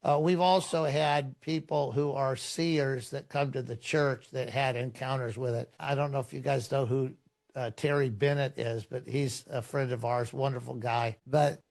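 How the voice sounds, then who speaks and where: Relaxed storytelling man of middling pitch. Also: moderate pace, vocal fry. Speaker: pastor. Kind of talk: podcast guest telling a story.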